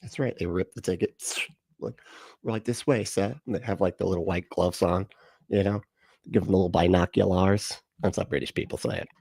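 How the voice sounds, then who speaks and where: A man's voice: deep voice, fairly even intonation, fairly quick, gravelly, warm tone, husky, no echo, clean studio sound. A man hosting a livestream, reacting in casual, sarcastic commentary with plenty of swearing and rambling asides. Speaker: livestream host.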